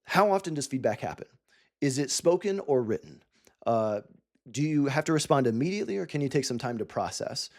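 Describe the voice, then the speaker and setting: A man's voice: medium pitch, animated, fairly quick. A man giving a coaching talk to founders, earnest and explaining step by step with examples. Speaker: cofounder coach.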